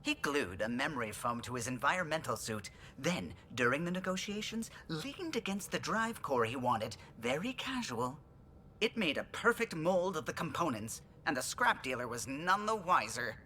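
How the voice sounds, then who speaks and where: A man's voice: a little high, big pitch swings, normal speed, bright, forceful tone, a little hiss or hum. An actor playing a friendly alien male ship pilot who talks proudly about his ship.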